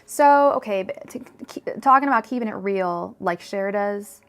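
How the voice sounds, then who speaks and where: A woman's voice: medium pitch, a little slow, faint music behind. A woman reading tarot cards on a live stream, chatty and digressive, full of fillers and restarts. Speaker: tarot reader.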